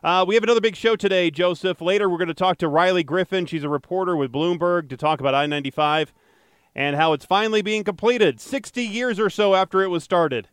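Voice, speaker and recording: A man's voice: high voice, fast talker, smooth, dry recording. A man co-hosting a casual podcast, rambling through news stories with jokes and frequent self-corrections. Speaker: podcast co-host and traffic anchor.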